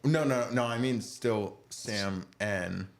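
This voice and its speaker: A man's voice: on the low side, slow pace. A young man co-hosting a podcast, chatting casually about a reality show and acting out people's lines in exaggerated voices, often laughing. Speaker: podcast co-host. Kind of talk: casual reality-TV recap chat.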